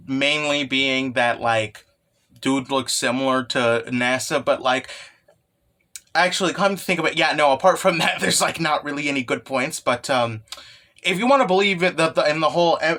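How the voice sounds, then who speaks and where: A man's voice: fairly high pitch, normal speed, bright, forceful tone. A young man giving a casual recap, rambling and full of fillers and tag questions like "right?". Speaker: manga recap host. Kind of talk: casual commentary.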